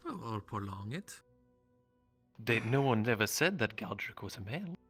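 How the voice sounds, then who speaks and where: A man's voice: on the low side, big pitch swings, normal speed, a bit bright, breathy edge, faint music behind, full character voice. A man voicing a curious, gossipy male elf in a live fantasy roleplay, inquisitive and teasing, musing aloud. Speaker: roleplay player.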